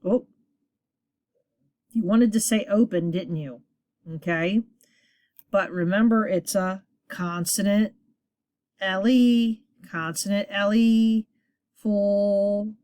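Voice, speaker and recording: A woman teacher leading a children's reading lesson, encouraging her class and sounding words out slowly at a board. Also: medium pitch, a little mellow, no room sound, clean studio sound.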